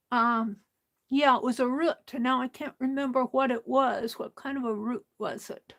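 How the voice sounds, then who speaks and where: A woman chatting casually while she stitches, softly talking to herself and sometimes dropping to a whisper. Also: a little high, fairly even intonation, moderate pace, rough recording. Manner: soft-spoken, drifts into whispers; talks to herself while working. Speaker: crafting livestream host.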